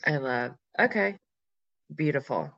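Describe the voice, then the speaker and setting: Podcast host, bright sharp voice, dry close sound, curious, playful questions. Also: medium pitch, expressive, creaky, no echo, highs cut off. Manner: curious, playful, quick questions, casual swearing. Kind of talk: casual interview chat.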